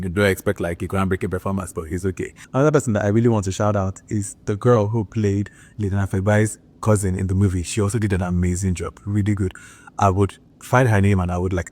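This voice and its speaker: A man's voice: lowish voice, darkish tone. Chatty man giving a casual movie review. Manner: chatty and enthusiastic, with frequent filler "like".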